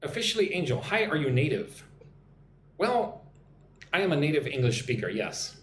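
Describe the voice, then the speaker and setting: A man from Texas with an American accent, hosting a live-stream English lesson, chatty and repeating phrases slowly for learners. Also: on the high side, very animated, a bit bright, reverberant, a little hiss or hum. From Texas, United States. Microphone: phone or computer mic for live stream.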